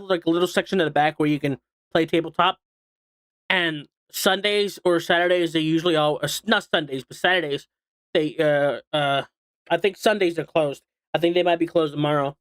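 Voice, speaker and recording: A man's voice: fairly high pitch, a bit bright, clear, resonant tone, no echo, clean studio sound. A man streaming and chatting casually while eating, rambling with lots of fillers and restarts. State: hiccuping.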